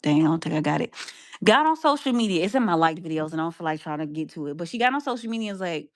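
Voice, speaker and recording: A young Southern woman with a Southern accent talks bluntly and swears freely, circling back over her own words. Her voice sits fairly low and sounds close and dry, with no room around it. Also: animated, racing, no echo. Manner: blunt, profane, repeats herself. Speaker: podcast co-host. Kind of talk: casual chat.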